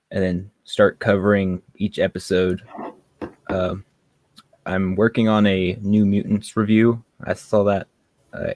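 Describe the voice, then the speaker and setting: A man's voice: lowish voice, dry recording. A man guest talking casually on a video call from his car, hesitant and full of ums and likes. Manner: hesitant, many ums and likes, soft laughs. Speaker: guest YouTuber. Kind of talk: casual chat.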